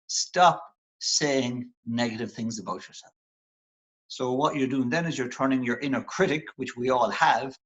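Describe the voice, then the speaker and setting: A man's voice: mid-range voice, husky, low-quality recording. An Irish man, a performance psychologist, talking earnestly and reflectively in an interview, coaching listeners on how they speak to themselves. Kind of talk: motivational interview talk.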